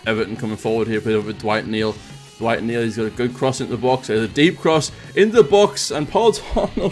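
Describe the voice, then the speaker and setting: Fast-talking excitable football commentator man. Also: mid-range voice. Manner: excitable, rising sharply on goals. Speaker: gaming commentator. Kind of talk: mock football commentary over game highlights.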